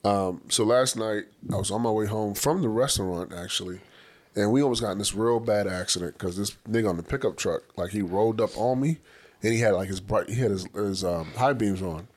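A man's voice: on the low side, a little fast, a little mellow. A man co-hosting a casual group podcast chat, blunt and profane, often repeating words as he starts a thought. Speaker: podcast co-host.

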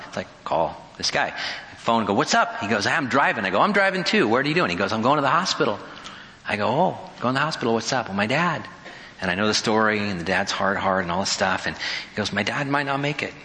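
A male pastor delivers a sermon in a conversational storytelling manner, acting out dialogue as he goes. His voice is bright and forceful, carried by the long reverb of a church hall. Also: medium pitch.

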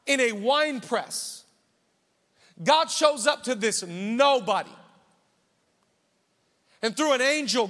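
A man's voice: extremely high pitch, pushed and bright. A man preaching a sermon as pastor in a church, conversational and fervent by turns. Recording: reverberant hall.

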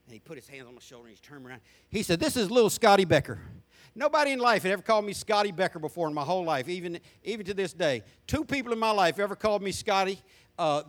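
A man's voice: high-pitched, fairly bright tone. A middle-aged man with a Southern US accent, a pastor telling his testimony in a folksy sermon with frequent restarts. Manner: folksy storytelling with repeated restarts. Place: church sanctuary with congregation.

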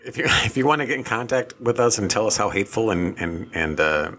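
A man with a fairly low voice whose pitch swings widely as he talks. He co-hosts a podcast in a casual, crude and animated way. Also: brisk, a little hiss or hum. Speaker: podcast co-host. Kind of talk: casual chat.

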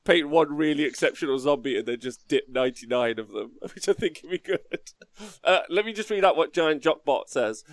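A man's voice: on the high side, animated, brisk, no room sound, clean studio sound. A man co-hosting a casual hobby podcast, ranting brashly with lots of swearing. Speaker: podcast co-host.

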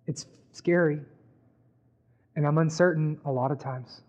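A man's voice: a little high, steady tone, unhurried, a little mellow. A man preaching a sermon in a conversational way, often checking in with the audience. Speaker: pastor. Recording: dull, muffled sound.

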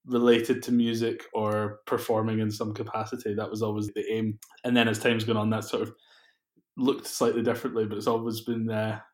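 A young man chatting in an interview, relaxed and laughing often between rambling asides. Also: fairly low pitch, a little fast. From Scotland. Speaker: guest, music producer. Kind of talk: casual interview chat. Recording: roomy echo.

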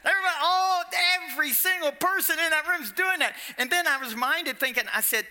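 A man's voice: very high voice, fast talker, hardly any pauses, sharp tone. A man preaching a sermon, emphatic, repeating his lines and quizzing the congregation. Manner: emphatic, repeats lines, asks the audience questions.

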